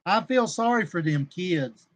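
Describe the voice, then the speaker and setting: A man's voice: high-pitched, lively intonation, unhurried. A man hosting a casual livestream, rambling and combative with coarse language, calling out chat viewers by name. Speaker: livestream host.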